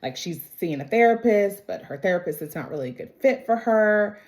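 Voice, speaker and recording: A woman's voice: medium pitch, animated, brisk, darkish tone. A young adult woman casually recapping a TV episode, chatty and full of "like" and "you know," retelling scenes by quoting the characters. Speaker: show recap vlogger.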